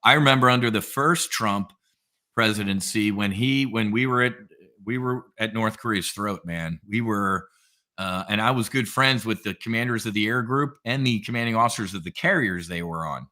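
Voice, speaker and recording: A man, a guest on a trading podcast, telling stories in a casual, energetic way with plenty of slang. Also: on the low side, moderate pace. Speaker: podcast guest, options trader.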